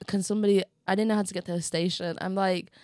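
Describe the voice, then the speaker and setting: A young woman with a medium-pitched voice talks fast while co-hosting a casual podcast chat, telling stories animatedly and laughing along. Her voice sounds slightly muffled from chewing gum, and the recording is clean studio sound with no echo.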